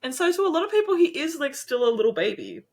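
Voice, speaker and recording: A woman's voice: high-pitched, sing-song, fast. A young Australian woman chatting casually as a podcast co-host, giggly and gushing. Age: young adult. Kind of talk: casual chat.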